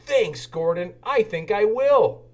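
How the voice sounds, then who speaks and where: A man's voice: high voice, slow pace, pitched above the performer's own voice. A man voicing a small, eager young tank engine who cannot sleep, in a storybook reading. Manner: excited, pleading.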